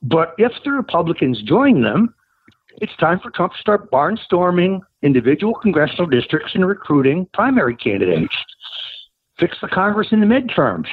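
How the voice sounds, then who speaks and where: A combative man on a tinny, dry phone line hammers his points home. His voice sits fairly high and swings a lot as he presses, with a husky edge. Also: very animated, moderate pace, dry recording. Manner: emphatic, combative, rising to insistent highs. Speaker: guest, political operative. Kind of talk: interview over the phone.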